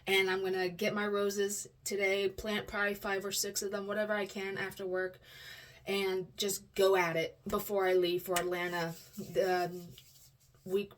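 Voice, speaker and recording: A woman vlogging to her viewers, reciting affirmations, dropping to hushed murmurs and rising to loud excited bursts, often laughing. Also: mid-range voice, normal speed. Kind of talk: personal vlog with affirmations.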